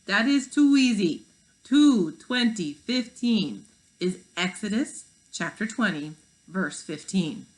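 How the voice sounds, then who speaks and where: A pompous holographic old German printer, male, declaring himself in a put-on German accent, as a woman reads him aloud. He speaks loudly and slowly, his voice pitched well above the reader's own. The delivery is grand and booming. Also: expressive, poor audio. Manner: loud, slow, grandly booming.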